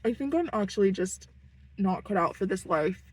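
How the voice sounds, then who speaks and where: Sitting in her parked car, this young woman rambles casually to the camera, laughing at herself with giggles along the way. She speaks at a normal speed with a husky, mid-range voice and lively intonation, over a rough recording.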